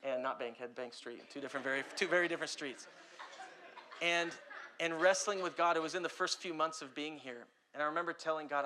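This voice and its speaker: Bright-voiced impassioned male pastor preaching. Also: fairly high pitch, brisk. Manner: impassioned preaching with big swings between loud and quiet. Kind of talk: sermon.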